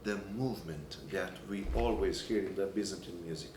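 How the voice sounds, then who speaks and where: A man teaching a Byzantine chant class, explaining in halting phrases and breaking into short sung examples. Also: deep voice, background noise. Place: church hall or classroom. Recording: echoey room, recorded from a distance.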